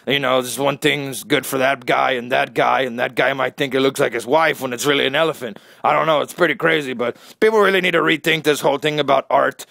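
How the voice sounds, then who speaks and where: Young man, gravelly voice, bright tone, dry close sound, rambling comic rant, lots of fillers. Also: mid-range voice, dry recording. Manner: rambling, full of fillers, mock-serious with quick character bits. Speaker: satirical ranter.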